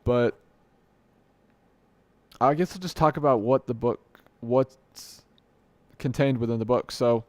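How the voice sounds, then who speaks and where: A young man talks through his unscripted podcast, wandering off track and poking fun at himself along the way. His voice sits at an ordinary middle pitch. The sound is close and dry, with no room echo, from a desk mic at home. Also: takes it slowly, long pauses. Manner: rambling, self-correcting, joking at himself. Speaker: podcast host. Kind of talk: unscripted solo podcast talk. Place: home room at night, dim light.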